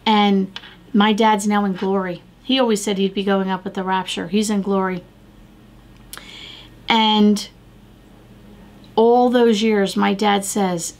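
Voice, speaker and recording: A woman's voice: medium pitch, steady tone, slow pace, long pauses. A middle-aged woman hosting a devotional podcast, talking earnestly and exhorting listeners with repeated phrases. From United States. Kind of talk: devotional talk.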